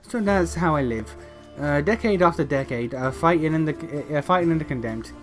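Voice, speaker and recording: A man reading the lines of a weary, guilt-ridden old dwarf knight aloud, with frequent uh fillers and a slightly high voice. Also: lively intonation, normal speed, faint music behind, lightly acted. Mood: grim.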